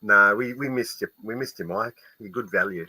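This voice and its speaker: A man's voice: fairly low pitch, normal speed, bright, forceful tone, husky, no room sound. A man on a live stream chatting as a guest and tossing in dry, teasing asides. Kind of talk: casual live-stream chat.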